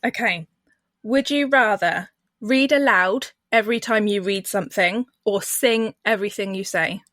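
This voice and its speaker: A woman's voice: medium pitch, normal speed, a bit bright, no room sound, studio quality. A woman with a posh English accent hosting a podcast interview, asking questions and laughing often. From England. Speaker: podcast host. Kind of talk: casual interview.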